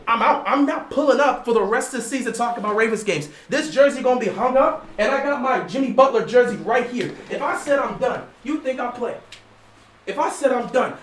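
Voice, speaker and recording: A man hosting a livestream, calling a football game live and lecturing his chat in an animated way. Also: extremely high pitch. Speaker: livestream host. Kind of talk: live game watch-along commentary. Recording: roomy echo.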